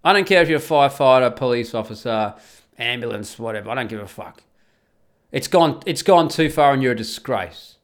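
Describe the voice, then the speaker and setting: A man's voice: mid-range voice, expressive, a little fast. A man, hosting a podcast and angrily ranting with a lot of swearing and scorn. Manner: angry, profane, ranting, scornful. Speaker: podcast host. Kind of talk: solo podcast rant.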